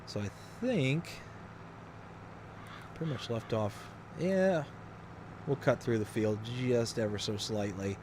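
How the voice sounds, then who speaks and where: A young adult man chatting casually on a live game stream, rambling in a relaxed, fond way with lots of fillers. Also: mid-range voice, takes it slowly, long pauses, noisy background. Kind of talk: casual live-stream chat while playing.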